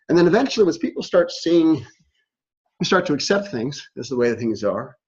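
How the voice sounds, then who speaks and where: Husky-voiced man giving a casual lecture. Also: mid-range voice, darkish tone. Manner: conversational, acts out quoted reactions. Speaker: university instructor. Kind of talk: recorded lecture. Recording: dull lo-fi recording.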